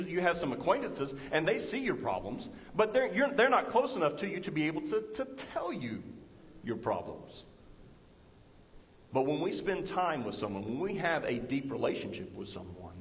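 A man preaching a sermon, his voice high for a man and swinging between loud emphatic peaks and quiet low drops. He sounds earnest and direct. A long reverb from a big hall trails after his words. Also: a little hiss or hum. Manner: earnest, rises and drops in pitch and volume.

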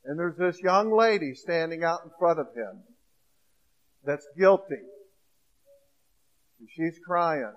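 A man preaching a sermon, swinging between hushed storytelling and loud, emphatic points. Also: fairly high pitch, lively intonation, slow, pauses often, muffled recording.

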